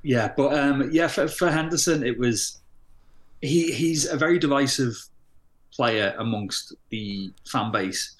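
A man's voice: mid-range voice, measured pace. A man co-hosting a casual football podcast, talking in an easygoing, hesitant way with frequent restarts. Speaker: podcast co-host.

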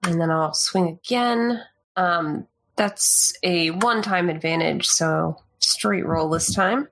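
A woman plays a tabletop game, calmly narrating each roll. Her speech is slow and measured. She stays methodical throughout. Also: lowish voice, slight background noise, poor audio. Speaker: player.

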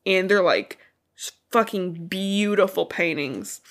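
A woman's voice: mid-range voice, expressive, slow. Congested woman casually retelling a book. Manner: chatty, loose retelling with swearing and asides. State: congested, stuffy nose. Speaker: podcast co-host.

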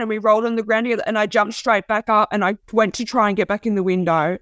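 A woman giving a raw, halting personal account, often restarting and repeating herself. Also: medium pitch, little pitch movement, a bit bright, no room sound. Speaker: interviewee telling her story. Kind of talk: personal testimony.

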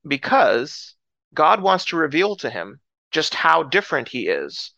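Male Bible teacher, bright dry close voice, animated storyteller acting out characters. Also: a little slow, creaky, no echo. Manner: animated storytelling, acts out characters with rising pitch.

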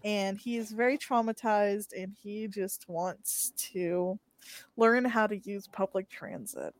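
Slow-talking woman player, dry sound. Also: medium pitch, steady tone, dry recording. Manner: giggly, unhurried. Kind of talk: casual chat.

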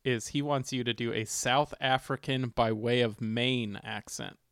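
A man hosting a comedy podcast, talking in a loose, rambling way with many fillers and pauses. His voice sits at an average pitch for a man and is recorded close and dry. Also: steady tone, a bit bright, clear, resonant tone, no echo. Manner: rambling, filler-heavy, laughing. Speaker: podcast co-host. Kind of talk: casual comedic chat.

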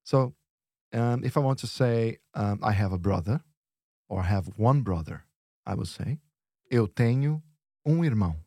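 Patient male teacher, mellow husky voice. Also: lowish voice, lively intonation, no echo, clean studio sound. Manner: patient, encouraging, models phrases slowly. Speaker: Portuguese teacher. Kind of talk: language lesson podcast.

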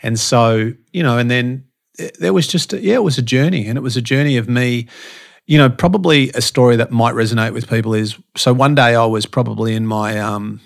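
A man's voice: mid-range voice, a little fast, gravelly. A middle-aged man telling stories from his life in a casual interview, frank and profane, with many restarts and fillers. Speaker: podcast guest, fitness and behaviour speaker.

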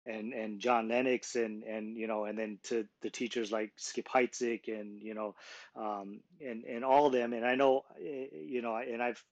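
A middle-aged man telling his personal conversion testimony in an earnest, halting way, with many restarts and fillers. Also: mid-range voice, level tone, dry recording. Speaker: guest sharing his testimony. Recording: slightly dull lo-fi sound.

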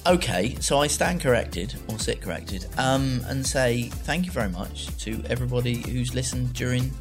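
A man's voice: mid-range voice, moderate pace, soft background music. A man co-hosting a podcast in casual chat, easygoing and rambling with many ums. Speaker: podcast co-host.

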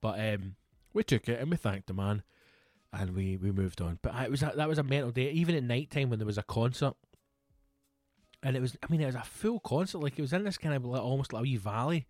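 Podcast co-host, Scottish man in his mid-thirties, sweary, rambling storyteller, mid-pitched voice, dry close-miked sound. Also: fast talker, darkish tone, dry recording, faint music behind. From Scotland. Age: 30s. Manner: swears freely, rambling anecdotes with quoted voices. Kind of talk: casual storytelling chat.

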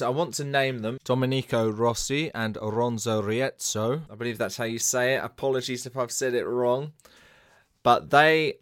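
A man's voice: mid-range voice, fairly bright tone, clean tone. A man hosting his podcast, talking in a chatty, upbeat and self-deprecating way. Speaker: podcast host. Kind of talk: casual podcast monologue.

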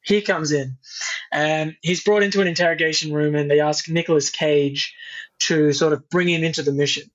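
A man's voice: on the high side, steady tone, moderate pace, lo-fi sound. A man co-hosting a casual film podcast, recapping plots in an easygoing way. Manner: easygoing plot recaps with fillers. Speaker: podcast co-host. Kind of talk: casual chat.

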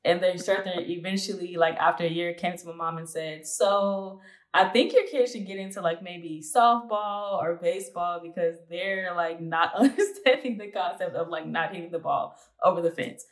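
A young adult woman telling her life story as an interview guest, chatty and quick to laugh, with lots of filler words. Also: on the low side. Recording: roomy echo.

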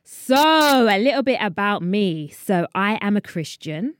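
Laughing at her own asides, a podcast host from London in her 30s rambles through a casual solo chat. Her mid-range voice is expressive and unhurried, captured in a clean studio sound with no room sound.

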